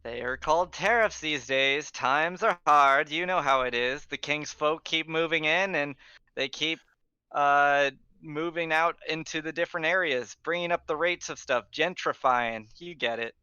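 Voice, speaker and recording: A man's voice: a little high, a little slow, pushed and bright, clean tone, no echo, highs cut off, pitched above the performer's own voice. A man voicing a greedy, scheming male gate guard who wheedles for bribes in a tabletop game. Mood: wheedling. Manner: wheedling, coaxing.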